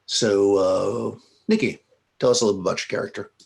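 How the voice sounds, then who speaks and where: A man narrating a tabletop role-playing game as game master, unhurried and stopping often with fillers and self-corrections. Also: fairly low pitch, steady tone, gravelly, a little mellow, husky.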